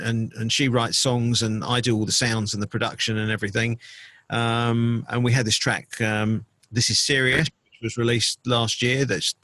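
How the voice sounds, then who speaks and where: Relaxed man telling stories, dry sound. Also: mid-range voice, no echo. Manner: relaxed storytelling with many fillers. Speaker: DJ and producer, interviewee. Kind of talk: casual interview.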